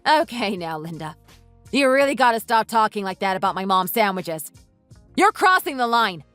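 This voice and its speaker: A woman's voice: mid-range voice, big pitch swings, normal speed, a bit bright, dry recording, faint music behind. A woman voicing an indignant young wife in a voiced texting story, scolding in an earnest, exasperated way. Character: indignant young wife defending her family.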